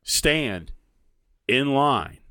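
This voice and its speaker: A man's voice: mid-range voice, animated, very slow, pushed and bright, no room sound, studio quality. A man co-hosting a podcast, ranting heatedly with constant swearing in casual chat. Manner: heated, profane ranting with threats. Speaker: podcast co-host.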